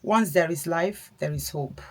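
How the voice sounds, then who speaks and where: Woman doing her makeup and just chatting, kinda breathy husky voice, encouraging. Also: fairly low pitch, measured pace. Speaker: beauty vlogger, mother. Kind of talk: casual chat while doing makeup.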